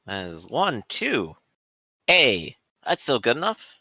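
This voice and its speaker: A man running a tabletop game, narrating in a relaxed, chatty way with fillers. His bright voice moves through a wide pitch range. The recording is dry and close. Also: slow, slightly rough, no room sound. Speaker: game master.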